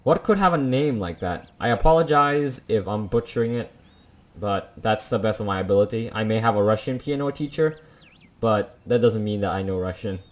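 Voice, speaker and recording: A man's voice: lowish voice, moderate pace. Young man reading a visual novel aloud. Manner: jokey asides between dramatic read lines. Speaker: let's play gamer.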